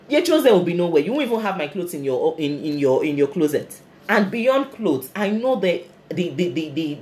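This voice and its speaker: A woman's voice: medium pitch, a little mellow. Earnest Nigerian woman giving business advice. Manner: earnest and motivational, repeats key phrases. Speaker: fashion business owner. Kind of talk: live-stream talk, answering viewer comments.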